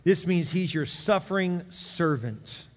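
A man preaches a sermon in a church sanctuary, his slightly raised voice ringing out in a long hall reverb. He is animated, moving between loud, emphatic lines and quiet, intense ones. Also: sits high, slow pace, noisy background. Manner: animated, swings from loud to hushed. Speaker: pastor.

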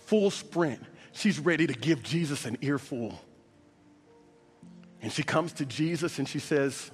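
A man's voice: on the high side, husky. A male pastor telling a Bible story in a sermon with dramatic storytelling, speaking in a large church auditorium. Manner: dramatic storytelling, acts out voices. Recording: long reverb of a large hall with soft music.

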